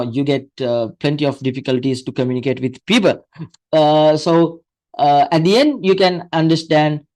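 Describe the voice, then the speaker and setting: A man's voice: a little high, darkish tone, rough recording. A man teaching an English grammar lesson, explaining step by step with frequent fillers, restarts and repeated examples.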